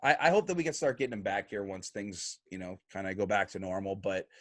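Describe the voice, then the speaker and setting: A man's voice: sits low, quick pace, dry recording, studio quality. A man hosting a casual podcast, telling stories with lots of energy and cursing freely. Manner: lively, swears freely, acts out quotes. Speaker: podcast host. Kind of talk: casual chat, animated storytelling.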